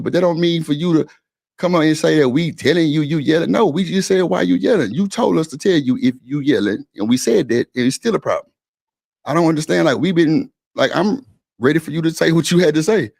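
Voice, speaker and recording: A man's voice: a little high, gravelly, darkish tone. A man hosting a heated panel discussion, arguing back, repeating himself and talking in casual slang. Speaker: host.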